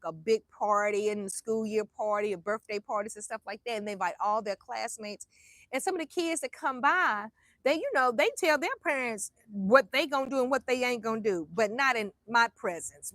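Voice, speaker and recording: Older woman, high voice, animated storyteller, acts out quoted voices, dry close sound. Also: dry recording. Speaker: grandmother telling stories. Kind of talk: casual storytelling chat.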